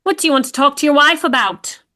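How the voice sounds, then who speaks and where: A woman's voice: sits high, fast, bright, forceful tone, voice pushed up. A woman voicing a stern male British police detective with formal, firm questioning.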